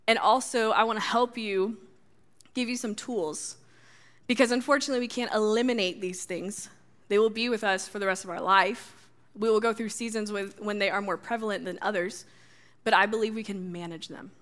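A woman's voice: medium pitch, steady tone, moderate pace, fairly bright tone. A young woman giving a sermon to a church gathering, talking casually with dry, sarcastic humor. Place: stage before a live audience.

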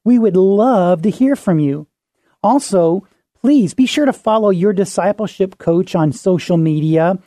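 A man, a pastor and podcast host, teaching earnestly on fasting and reading scripture aloud with emphatic repetition. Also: high-pitched, warm tone, dry recording, clean studio sound.

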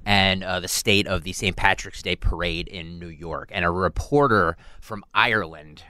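Bright-voiced radio co-host, cautious. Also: male voice, deep voice, moderate pace, no room sound, studio quality. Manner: hesitant, cautious. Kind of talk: casual radio talk.

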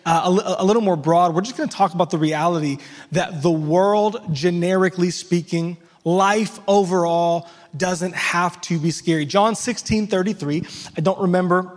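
A male pastor with a high voice delivers an emphatic sermon, breaking into lively everyday asides. His voice rings out with a long reverb tail, as in a church sanctuary.

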